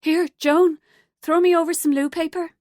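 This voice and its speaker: A woman narrator voicing a soft-spoken, loyal woman coworker who stands her ground. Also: medium pitch, very animated, moderate pace, dry recording, studio quality. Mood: firm. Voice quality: soft, firm when angered.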